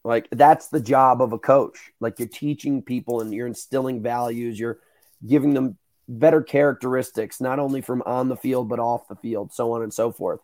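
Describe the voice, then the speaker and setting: A young man hosting a podcast, telling stories in a casual, animated way, swearing and acting out the voices of the people in them. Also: medium pitch, normal speed. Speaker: podcast host. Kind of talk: casual storytelling chat.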